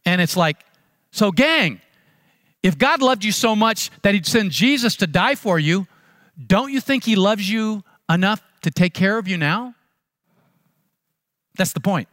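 High-voiced man preaching a sermon. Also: animated, measured pace, long pauses, fairly bright tone, no echo, clean studio sound. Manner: conversational storytelling, repeats words. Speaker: pastor.

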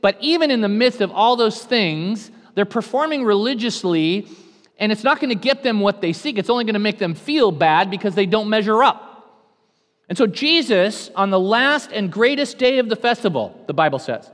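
A man's voice: high-pitched, animated, moderate pace. Preaching man in a reverberant hall. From California. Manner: dynamic preaching, swings from hushed to loud. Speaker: pastor. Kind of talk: sermon.

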